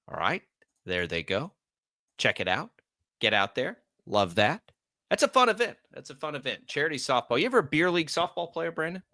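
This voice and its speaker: A bright, forceful man hosts a sports radio show with an American accent. He chats energetically and reads promos in a breezy way. The mic sound is dry and close. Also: on the high side, fairly quick, no room sound. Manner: chatty, energetic, reads ad copy. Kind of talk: casual sports talk radio.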